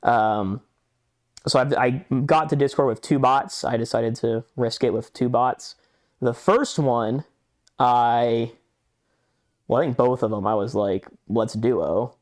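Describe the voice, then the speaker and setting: A young man co-hosting a casual podcast, mid-pitched and conversational. He rambles through a story, acting out chat messages in quick voices and swearing freely. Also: a little mellow. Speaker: podcast co-host.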